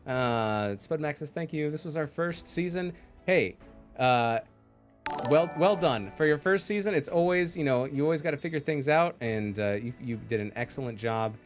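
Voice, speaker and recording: A man's voice: fairly high pitch, expressive, normal speed, faint music behind. A man casting an esports match live, chatty, laughing often and thanking his chat. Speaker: esports caster. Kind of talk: casual live stream commentary.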